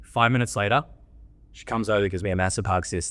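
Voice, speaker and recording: A man's voice: lowish voice, fairly quick, fairly bright tone. Blunt, foul-mouthed man. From Australia. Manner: blunt, swears freely, coaching tone. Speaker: podcast guest, men's coach. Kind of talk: candid interview storytelling.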